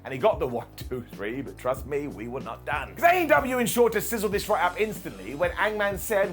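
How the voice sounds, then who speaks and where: A man gives a playful, self-mocking review that swings between loud bursts and quiet asides. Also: a little high, very animated, a little fast, few pauses, soft background music. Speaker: wrestling show reviewer. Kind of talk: comedic scripted review.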